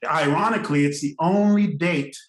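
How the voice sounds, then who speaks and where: An older man from Trinidad, a podcast guest, telling stories in an animated way and laughing often between phrases. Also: a little high, moderate pace, echoey room, rough recording. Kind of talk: storytelling interview.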